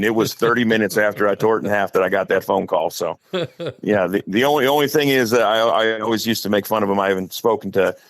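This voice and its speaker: Gravelly low-voiced Midwestern-raised man. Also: no echo. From Wisconsin. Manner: talkative, acts out quotes in stories. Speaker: high school head football coach, podcast guest. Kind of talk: casual storytelling.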